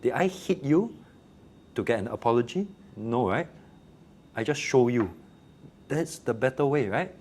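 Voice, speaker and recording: A man's voice: medium pitch, unhurried, pauses often, slight background noise. A man with a Singaporean accent, a teacher telling classroom stories in a casual interview and acting out the quotes. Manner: animated storyteller, acts out quotes.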